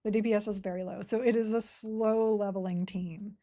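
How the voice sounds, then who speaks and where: A woman from Sydney in her forties talks through a live game stream in an Australian accent worn down by decades in America. Her voice is warm and mellow, sitting at an ordinary middle pitch. She keeps the talk easygoing and chatty, answering her audience between plays with a slightly dry throat. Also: fairly even intonation, a little fast. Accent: Australian, partly Americanized. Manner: chatty and laid-back, laughs often, answers chat between game moves. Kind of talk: casual live-stream commentary while playing.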